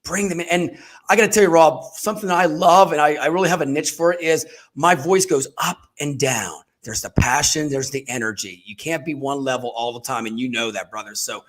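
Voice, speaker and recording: A man hosting a staffing talk show, talking in a high-energy, hyped, animated way. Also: a little fast, few pauses. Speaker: staffing company host. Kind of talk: casual podcast chat.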